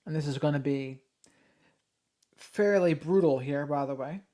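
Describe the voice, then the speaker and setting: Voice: mid-range voice, measured pace, warm tone. A true crime livestream host, conversational and thinking aloud, who reads out a call transcript and then comments on it.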